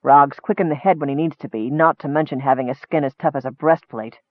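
A man's voice: fairly high pitch, a little fast, dry recording, lightly acted. A man voicing a mocking, serpent-like reptilian male swordsman who hisses his words slyly. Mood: sly mockery. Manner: hissing, sly and mocking. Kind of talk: audiobook character voice. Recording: thin phone-like dry sound.

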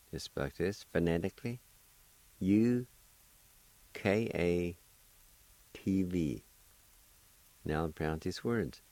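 A man teaching vocabulary in a radio language lesson, spelling words out and repeating syllables with slow, deliberate care. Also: low voice, a little mellow, no room sound.

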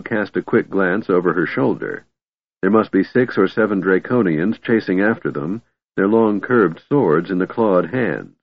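Low husky male audiobook narrator. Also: no echo. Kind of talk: scripted fantasy narration. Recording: tinny narrow-band dry recording.

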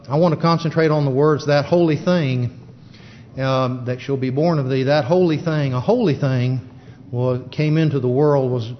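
A man giving a plain-spoken Bible teaching in a halting style with many fillers, recorded in a church. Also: fairly high pitch. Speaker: preacher. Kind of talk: sermon. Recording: dull lo-fi church recording with long reverb.

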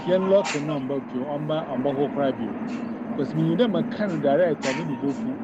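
A man's voice: a little high, animated, normal speed. A man with a Ghanaian accent in casual chat, rambling and switching between Twi and English. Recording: dull lo-fi outdoor recording with loud noise.

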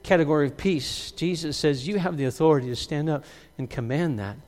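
A man preaching a sermon as pastor, emphatic, swinging from loud outbursts to quiet, drawn-out lines. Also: a little high, big-room sound.

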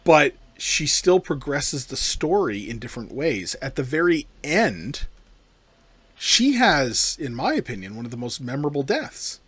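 A man co-hosting a casual talk show, rambling and animated as he discusses a film. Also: medium pitch, a little slow, husky, no room sound. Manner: animated, rambling with restarts and playful impressions. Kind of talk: casual chat about a film.

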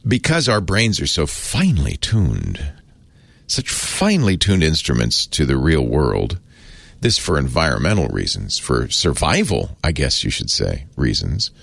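A man's voice: very deep voice, huge pitch swings, a little slow, gravelly, breathy edge, no room sound. A man hosting a casual explainer, talking in a chatty, wry way that often trails off and restarts. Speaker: host explaining a word of the day.

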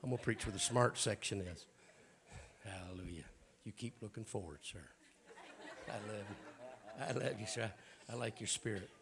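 A man's voice: on the low side, moderate pace, creaky, crowd noise. An older man with a Southern accent preaching a sermon in a folksy, joking way. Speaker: bishop preaching.

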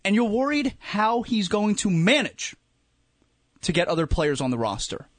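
A man's voice: high voice, sing-song, moderate pace, fairly bright tone, no room sound. A man co-hosting a sports radio show, ranting with indignant energy. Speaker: radio co-host. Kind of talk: radio talk show banter. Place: radio studio.

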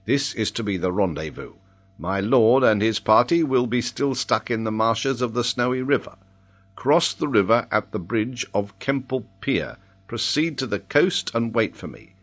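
A man's voice: medium pitch, lively intonation, normal speed, fairly bright tone. Male reader putting on a bold, scheming convict boss, audiobook voice. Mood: commanding. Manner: confident, giving orders.

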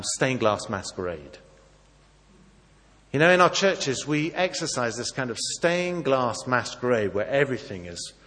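A man preaching a sermon, acting out dialogue and swinging between soft and loud. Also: medium pitch, big-room sound. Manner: animated, acts out dialogue, varies volume widely.

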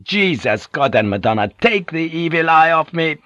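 A man's voice: a little high, very animated, moderate pace, fairly bright tone, no room sound, dull audio, voice pushed up. A man reading an audiobook, voicing a bitter, fearful middle-aged ship pilot who broods and argues. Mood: brooding.

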